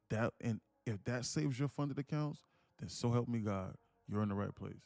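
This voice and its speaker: Gravelly, dry-voiced man ranting on a livestream. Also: mid-range voice, moderate pace, darkish tone, dry recording. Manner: emphatic, preachy, repeats himself. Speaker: day-trading livestream host. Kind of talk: live-streamed ranting sales pitch.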